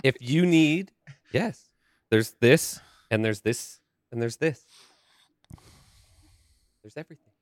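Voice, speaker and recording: A man's voice: mid-range voice, lively intonation, slow, long pauses, dry recording, clean studio sound. A man co-hosting a podcast in casual chat, laid-back and drawing out his phrases. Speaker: podcast co-host.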